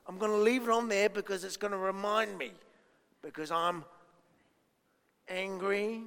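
A man's voice: high voice, fairly even intonation, a little slow, gravelly, fairly bright tone, smooth, in a large hall, full character voice. A man voicing a stubborn, defiant young girl while telling a children's story in church. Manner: defiant, insistent.

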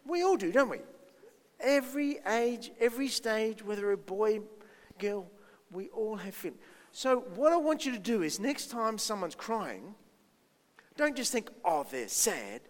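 A pastor leads a church service and gives the children a chatty talk, quizzing them with questions and joking at his own expense. His high, animated voice moves at a measured pace, and the sound carries the echo of a large room.

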